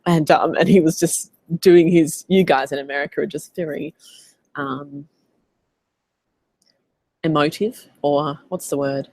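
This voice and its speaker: An Australian woman coaching in a casual live Q&A, chatty and animated as she tells stories. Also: low voice, unhurried, pauses often, no echo. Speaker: business coach.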